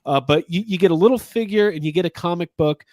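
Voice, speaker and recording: Man, podcast host, slightly high voice, rambling and filler-heavy, dry close mic. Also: fast talker, a little mellow, dry recording. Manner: rambling, lots of fillers and jokes. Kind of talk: casual podcast chat.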